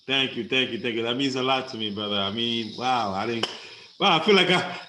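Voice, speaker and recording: Bright-voiced emotional New man. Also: mid-range voice, brisk, a little hiss or hum. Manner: emotional, laughs easily. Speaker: host. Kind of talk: casual chat. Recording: echoey room with faint ambience.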